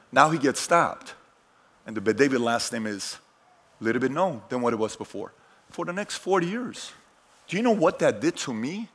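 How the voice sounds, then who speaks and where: A middle-aged man telling personal stories in a motivational talk, swinging from hushed lines to shouted ones. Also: mid-range voice. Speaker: keynote speaker.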